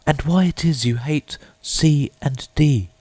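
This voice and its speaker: A man voicing Alice, a polite and curious young girl, in a high, eager and earnest voice for a storybook. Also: takes it slowly, a little mellow, no room sound. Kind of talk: storybook character voice.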